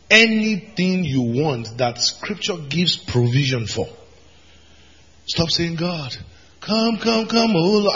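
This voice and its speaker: A man preaching a sermon as pastor, emphatic, jumping from shouted lines to low asides. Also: lo-fi sound. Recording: hall reverb.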